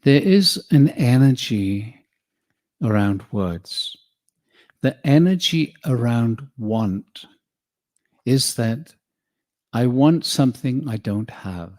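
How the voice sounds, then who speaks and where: A man giving a slow, calm spiritual teaching, speaking in measured phrases and calling his listeners "beloved". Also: medium pitch.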